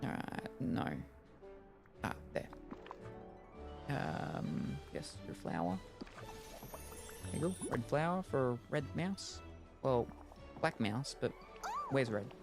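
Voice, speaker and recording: A woman's voice: very deep voice, sing-song, takes it slowly, long pauses, music in the background. A woman streaming a cozy video game, chatting in a wry, rambling way as she plays. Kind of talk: casual gameplay chat.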